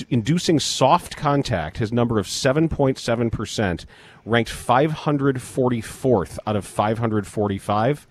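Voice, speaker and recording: A man hosting a casual baseball talk, measured and full of statistics. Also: medium pitch. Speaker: sports show host.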